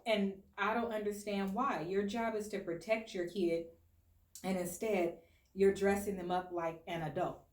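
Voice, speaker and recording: An American woman with a medium-pitched, fairly even voice speaks a little slowly while hosting a casual discussion in an echoey room. She talks earnestly and with strong opinions, using "like" as a filler many times.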